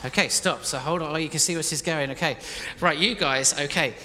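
An energetic, playful male preacher directs his congregation through a story. His voice is a bit higher than most and rings bright across a reverberant church hall. A faint noise hums beneath. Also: brisk. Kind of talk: interactive sermon storytelling.

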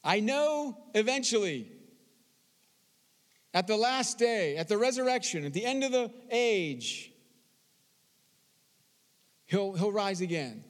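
High-voiced preacher man in a reverberant hall. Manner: expressive preaching, reads scripture slowly and emphatically. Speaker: pastor. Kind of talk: sermon.

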